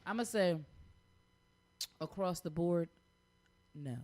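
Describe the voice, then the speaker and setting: Candid low-voiced female co-host. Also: darkish tone, faint music behind. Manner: candid, laughing, quick to jump in. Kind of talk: casual podcast chat. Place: podcast studio.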